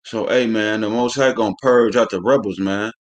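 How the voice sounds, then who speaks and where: A man's voice: lowish voice, steady tone, moderate pace. A man teaching a live-streamed scripture class, reading verses aloud and then commenting in a blunt, coarse way, often saying "man". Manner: preachy, blunt, says "man" constantly; coarse, swears freely.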